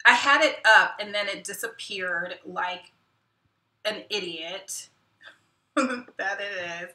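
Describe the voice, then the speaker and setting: Chatty woman streamer, bright echoey sound. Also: medium pitch, takes it slowly. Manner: chatty, self-deprecating, mutters asides under her breath. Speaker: YouTube host. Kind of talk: casual live-stream chat. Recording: roomy echo, mic at a distance.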